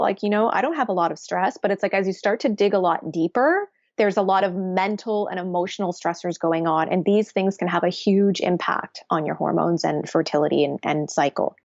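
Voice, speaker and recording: Woman nutrition coach on a podcast, kinda low voice, muffled dry audio, explains things earnestly. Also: a little fast, vocal fry, hardly any pauses, a little mellow, dry recording. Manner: earnest, explanatory, repeats "right?" and "like". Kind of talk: podcast interview conversation.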